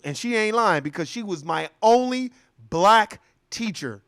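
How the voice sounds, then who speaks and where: A man's voice: high-pitched, a little slow, vocal fry, no room sound, studio quality. A young adult man telling stories in a casual, profane monologue, acting out other people's voices along the way. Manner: animated storytelling, acts out voices. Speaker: commentator.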